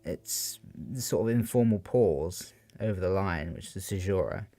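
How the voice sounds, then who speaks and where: A man's voice: sits low, moderate pace, dark tone. A young man talking through a poem for revision, unscripted and hesitant, with many fillers. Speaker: student giving revision analysis. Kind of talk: unscripted spoken revision talk. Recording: faint guitar music behind.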